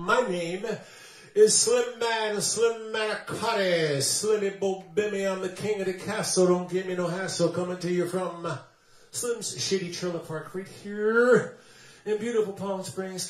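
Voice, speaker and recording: Jokey man chatting between songs. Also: sits high. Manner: jokey, playful, rambling storyteller. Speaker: singer and show host. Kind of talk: casual stage patter between songs. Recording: roomy sound from a distance with music behind.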